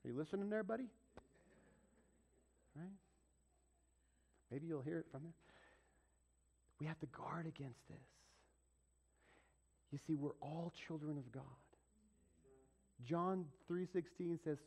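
A man preaching a sermon as pastor, swinging between loud, emphatic peaks and hushed whispers. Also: fairly high pitch, takes it slowly, pauses often.

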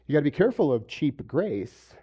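A pastor giving a sermon, moving from quiet stretches to loud, emphatic preaching and asking his congregation questions. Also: a little high, sing-song, fairly quick, breathy edge, muffled recording. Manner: asks the audience questions. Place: room with a congregation.

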